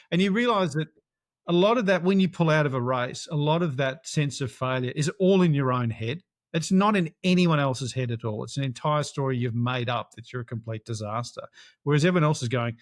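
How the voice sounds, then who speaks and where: A man's voice: mid-range voice, fast. A middle-aged man recounts an adventure race as an interview guest. He talks animatedly and acts out the voices of other people in his story. His voice sits in a middle range and sounds close and dry, with no room echo. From Australia. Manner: animated, acts out quoted dialogue.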